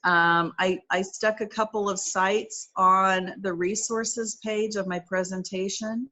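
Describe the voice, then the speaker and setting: A woman's voice: medium pitch, steady tone, slow pace, pushed and bright. A middle-aged woman occupational therapist explaining in an interview, chatty and practical, working through step-by-step examples with frequent fillers.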